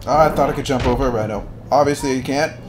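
A man giving goofy, crude gameplay commentary with sudden loud outbursts. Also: medium pitch, fast talker, heavy background noise. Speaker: gaming channel host.

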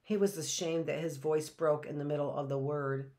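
A woman teacher reading a children's story aloud, slow and deliberate. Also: sits low.

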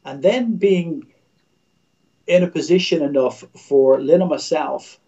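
A man's voice: a little high, a little slow, warm tone, highs cut off. A middle-aged man, a Christian radio executive, speaking as a guest in a livestream interview over a video call, in an earnest, preacher-like way with repeated phrases.

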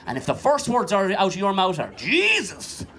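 Irish man, young, stand-up comedian, swearing, animated, high voice. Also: fast talker. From Ireland. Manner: animated, swears freely, acts out other people's voices.

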